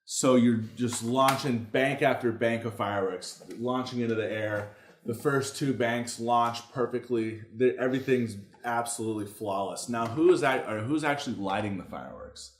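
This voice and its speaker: A man narrating as dungeon master, halting and full of restarts as he describes the scene. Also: medium pitch, a little hiss or hum. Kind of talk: narrating a tabletop game. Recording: roomy echo.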